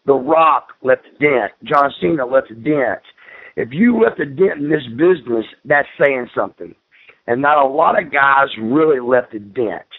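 A man's voice: medium pitch, animated, normal speed, slightly rough. Man telling wrestling stories over a tinny line. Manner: rambling, repeats words, acts out quoted voices. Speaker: guest, former pro wrestler. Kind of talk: casual storytelling in an interview. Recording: tinny phone-like radio line.

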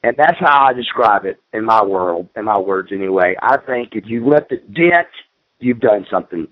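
A man's voice: lowish voice, lively intonation, normal speed. A man, a former pro wrestler, telling stories from his career as an interview guest, rambling and repeating words as he goes. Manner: rambling, repeats words, acts out quoted voices. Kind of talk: casual storytelling in an interview. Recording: tinny phone-like radio line.

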